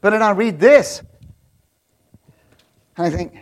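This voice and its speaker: A man preaching a sermon in a conversational, joking way, building to loud, repeated emphatic lines. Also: high-pitched, lively intonation, takes it slowly, pauses often. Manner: jokey asides, laughs with congregation. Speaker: pastor.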